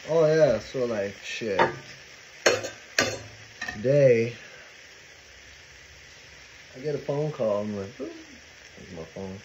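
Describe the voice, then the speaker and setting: A man telling a story while he cooks at home, in a casual, animated and profane way, dropping Spanish phrases into his talk. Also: medium pitch, takes it slowly, pauses often, muffled recording, heavy background noise. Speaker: cooking vlogger. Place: home kitchen. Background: frying and sizzling food.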